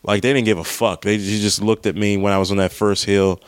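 A comedian telling a rambling, profane story about a stressful drive in casual monologue. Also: male voice, on the low side, a little fast, clean tone, dry recording, studio quality. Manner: profane, rambling, animated retelling.

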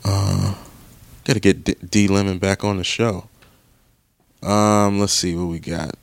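A deep, low-pitched young man grumbles his way through a casual podcast chat. He swears freely and thinks out loud, exasperated. The recording is dry and close, with no room sound. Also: fairly even intonation, a little slow, gravelly, pauses often, no echo. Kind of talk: casual solo chat while browsing online.

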